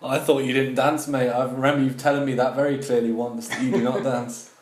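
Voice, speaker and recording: A man hosts a podcast in a mid-pitched voice, asking friendly questions and teasing his guest. The recording sounds roomy, with echo around him. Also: little pitch movement, brisk. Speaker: podcast host. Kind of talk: casual interview chat.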